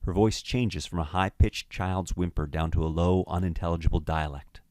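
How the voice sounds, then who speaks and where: A man narrating a screenplay's stage directions in a measured, matter-of-fact way. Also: low voice, steady tone, darkish tone, dry recording, studio quality.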